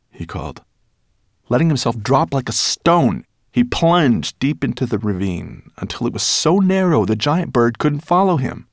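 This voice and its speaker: A man's voice: lowish voice, dry recording, studio quality. A man narrating a children's adventure audiobook in a dramatic storytelling manner. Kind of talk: scripted narration.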